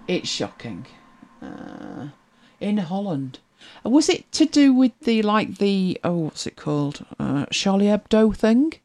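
Woman host, wry and chatty, animated pitch, relaxed storyteller. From Britain. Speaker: livestream host reading viewer comments. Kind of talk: casual chat.

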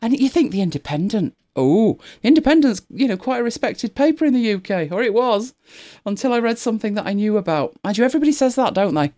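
Chatty, laughing woman with a lively voice. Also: fairly high pitch, fast talker, hardly any pauses. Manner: chatty, laughs often, greets viewers by name while searching for pictures. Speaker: live stream host. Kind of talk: casual live-stream chat with viewers.

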